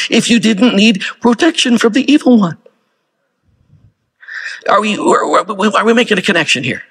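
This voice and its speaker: Husky-voiced man preaching conversationally. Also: sits high, moderate pace, pauses often, a bit bright. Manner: conversational preaching with rhetorical questions. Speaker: pastor. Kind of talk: sermon.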